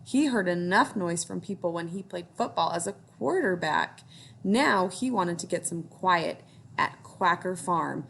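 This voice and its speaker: A woman's voice: on the low side, expressive, a little slow, creaky, a bit bright, slight background noise. A woman teacher reading a picture book aloud to young children, encouraging them to join in.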